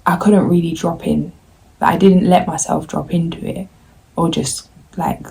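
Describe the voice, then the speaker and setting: A woman tarot reader talks candidly and at length to her viewers, rambling and slipping into her inner self-talk. Her voice sits low and gravelly, with a husky, mellow grain. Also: steady tone, normal speed, poor audio. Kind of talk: candid confessional vlog.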